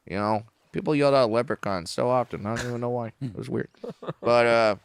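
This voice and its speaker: A man's voice: mid-range voice, fairly quick, vocal fry, slight background noise. A man in his forties, a comedian telling stories as a podcast guest in a small studio, joking, self-mocking and swearing freely. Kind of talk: casual podcast storytelling.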